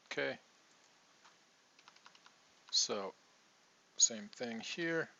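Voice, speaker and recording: Bright-voiced coach. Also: male voice, mid-range voice, expressive, clear, resonant tone, highs cut off. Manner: patient, repeats example sentences slowly. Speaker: accent coach. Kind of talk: relaxed teaching monologue.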